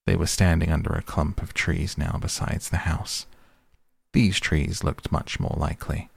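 Deep gravelly man narrating a story. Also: steady tone, normal speed, no room sound. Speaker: audiobook narrator. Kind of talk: scripted narration.

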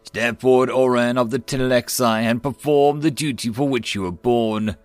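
A man's voice: mid-range voice, fairly even intonation, moderate pace, dry recording, soft background music, natural voice. A man voicing a male court crier who makes a formal, ceremonial call before a council.

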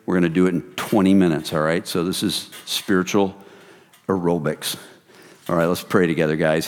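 An American man telling his testimony as a preacher, animated and addressing the room as "you guys". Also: low-pitched, moderate pace. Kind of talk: sermon testimony. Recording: long reverb hall.

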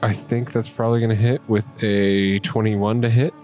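A man's voice: lowish voice, level tone, normal speed, darkish tone, soft background music. A man playing a tabletop game, upbeat and joking as he reads out his attack rolls. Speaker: player. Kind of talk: casual tabletop game play.

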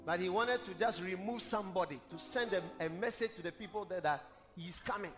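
Man preaching, very high voice, fervent repeated declarations, long hall reverb, music behind. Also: a little fast. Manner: fervent, repetitive preaching that swells to shouted declarations. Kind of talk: sermon.

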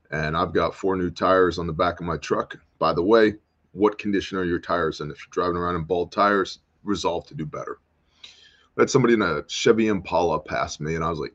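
A man's voice: low-pitched, fairly bright tone, dull audio. An American man hosting a livestream, chatting casually, joking around and answering viewer comments. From United States. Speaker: host. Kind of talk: casual livestream talk reading chat.

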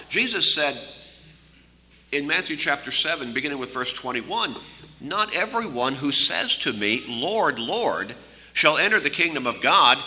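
A man's voice: medium pitch, bright, forceful tone, in a large hall, rough recording. A man preaching a sermon in an emphatic way, often repeating words as he presses a point.

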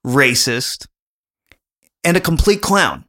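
A man's voice: fairly high pitch, animated, slow pace, pushed and bright. A man co-hosting a casual podcast, talking in a chatty, rambling way and laughing often. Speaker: podcast co-host.

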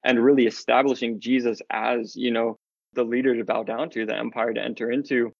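A man's voice: medium pitch, a little fast, gravelly, dry recording, lo-fi sound. Earnest man in casual faith chat. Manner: earnest and lively, laughs often. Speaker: podcast guest.

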